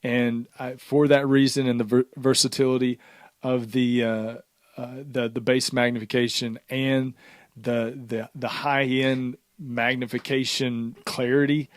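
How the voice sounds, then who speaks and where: A man's voice: medium pitch, level tone, unhurried, dry recording. A man co-hosting a podcast in casual chat, steadily plugging the store's stock. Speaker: podcast co-host and store seller. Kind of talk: casual chat with sales pitch.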